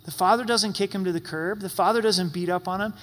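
A man's voice: high-pitched, fast talker, a bit bright, big-room sound. A man preaching a sermon as pastor in a church sanctuary, talking in an earnest, pleading, conversational way.

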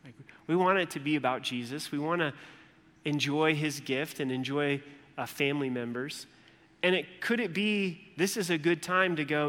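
Animated pastor preaching in a reverberant church hall. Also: male voice, a little high, moderate pace. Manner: animated, acts out quoted voices with humor. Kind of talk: sermon.

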